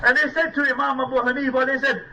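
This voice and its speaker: A man's voice: very high voice, flat delivery, quick pace, pushed and bright, distant mic, a little hiss or hum, rough recording. A man preaching a sermon as a story, earnest and emphatic, using Arabic religious terms. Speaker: Islamic preacher.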